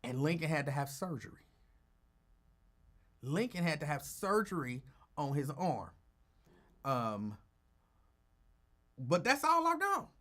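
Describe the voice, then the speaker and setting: A male radio talk host spins a story in a casual, teasing voice, with a pitch that swings widely up and down. He dramatizes the moments and lingers on them for effect. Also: takes it slowly, pauses often. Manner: animated, teasing, acts out quotes.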